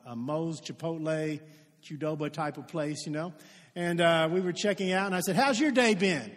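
High-voiced preacher in an echoey hall. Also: male voice. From Kentucky, US. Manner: lively storytelling, acts out quoted dialogue. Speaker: pastor. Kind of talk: sermon.

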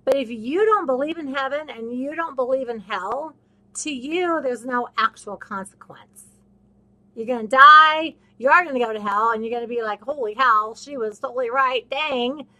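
A woman hosts a faith podcast, talking straight to her listeners. Her voice sits a little high and sounds bright and forceful. She stresses her points by repeating them and often slips into the voices of the people she describes. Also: expressive, normal speed. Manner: emphatic and repetitive, acts out other people's voices. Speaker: podcast host. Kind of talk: casual faith talk, preaching to listeners.

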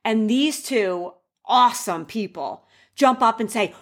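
A young woman casually telling the story of her wedding and giving advice, animated, acting out the quoted voices with gasps. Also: on the high side, a little slow. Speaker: bride sharing wedding advice.

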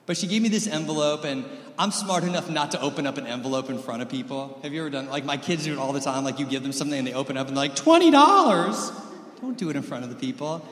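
A man in his thirties preaching a sermon and telling stories, moving between loud lively stretches and soft close ones. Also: mid-range voice, racing, echoey room, big-room sound. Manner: storytelling, swings from loud and lively to soft and intimate. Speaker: pastor.

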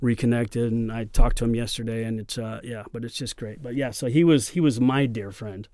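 A man, a guest actor, telling casual rambling anecdotes in an animated way. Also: medium pitch, a little fast, no echo. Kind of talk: casual storytelling chat.

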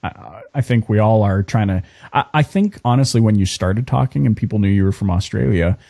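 A man's voice: lowish voice, a little fast, creaky, mellow. A Canadian man with a Canadian accent hosting a casual interview, playful and joking. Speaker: podcast host.

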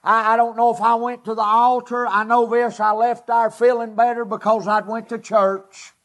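A man delivers a personal testimony from the pulpit. His voice sits very high for a man. He speaks in earnest, halting, short phrases. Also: little pitch movement, fairly bright tone. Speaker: preacher giving a personal testimony. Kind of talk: emotional testimony sermon.

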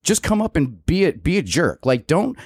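A man's voice: on the high side, sing-song, normal speed, darkish tone, breathy edge, dry recording, clean studio sound. A man hosting a podcast, telling a story in casual chat and venting bluntly with plenty of swearing. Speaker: podcast host.

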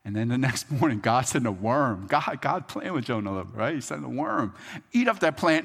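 A man's voice: mid-range voice, big pitch swings, brisk, fairly bright tone, in a large hall. A man preaching a sermon in a conversational, joking way, often checking in with the audience. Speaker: pastor.

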